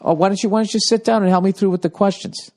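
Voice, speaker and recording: A man's voice: high voice, fairly even intonation, fast talker, darkish tone. A man hosting his podcast, rambling through a profane, self-mocking monologue in casual chat. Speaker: podcast host.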